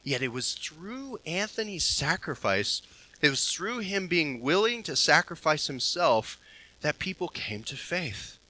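A man preaching a sermon to a congregation, emphatic, swinging between soft passages and loud ones. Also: on the high side, very animated, measured pace, low-quality recording. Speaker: pastor. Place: church hall with a congregation.

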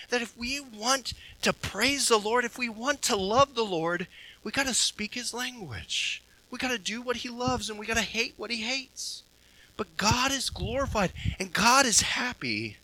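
Pastor, male, emphatic sermon delivery, very bright, cutting tone. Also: sits high, rough recording. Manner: preachy, emphatic, with swings between soft and loud passages. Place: church hall with a congregation.

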